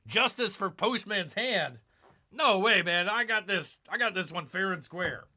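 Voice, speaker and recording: A man's voice: high-pitched, lively intonation, measured pace, pushed and bright. A man hosting a casual live stream, rambling and self-mocking as he unboxes comics and reads chat, calling himself Bear.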